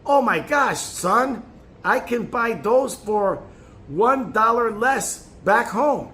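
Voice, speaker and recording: A man's voice: very high voice, lively intonation, slow pace, bright, forceful tone, a little hiss or hum, heavily acted. A man voicing a thrifty older mother with a Southern accent, his voice rising a little as he quotes her. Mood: surprised.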